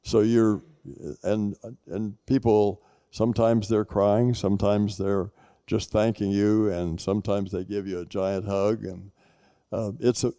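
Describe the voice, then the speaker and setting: A low, very dark and mellow male voice that speaks plainly and conversationally, slipping into other people's lines as he tells how a talk goes. The sound is dry and close. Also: no room sound. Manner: plain conversational, acts out dialogue. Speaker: lay leader on a panel. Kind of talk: panel talk on evangelism.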